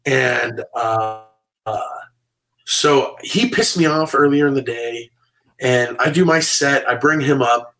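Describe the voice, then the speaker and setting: A man, a comedian guest, telling animated stories on a video call from his room, full of "you know" and "like". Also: mid-range voice, slow pace, low-quality recording. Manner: animated, filler-heavy storytelling. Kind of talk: casual storytelling on a video call. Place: home room.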